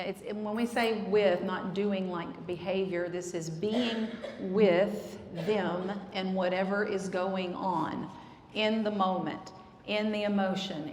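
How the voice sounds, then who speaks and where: Speaking in a mid-range voice, a female marriage counselor delivers an earnest, explanatory church talk about marriage, peppered with fillers. The recording carries a little hiss or hum plus the echo and faint ambience of a church hall.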